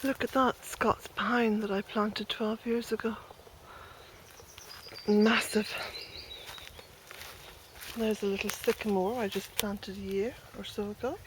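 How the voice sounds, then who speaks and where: On a casual walking tour of her rural garden, a middle-aged Irish smallholder vlogger from Ireland talks in a chatty way, slightly breathless. Her medium-pitched voice stays level, and she goes slowly, pausing often, with quiet asides and now and then a loud call to her dog. The outdoor camera audio is noisy.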